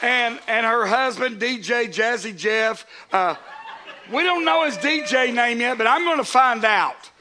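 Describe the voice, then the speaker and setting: A man's voice: very high-pitched, measured pace, noisy background. A man, a pastor preaching a sermon to his congregation in a conversational way, with asides to the crowd.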